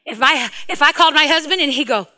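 Middle-aged lady preaching, high voice, chatty and animated, laughing through her story. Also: fast. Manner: animated storytelling, laughing often, swings from hushed to loud. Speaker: guest preacher. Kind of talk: sermon with personal story.

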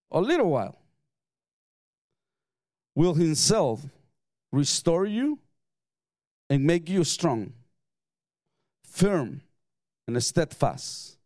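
Slow-preaching pastor. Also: male voice, on the high side, a little mellow, dry recording. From Mexico. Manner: slow, emphatic preaching mixed with personal stories and chuckles. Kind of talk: sermon.

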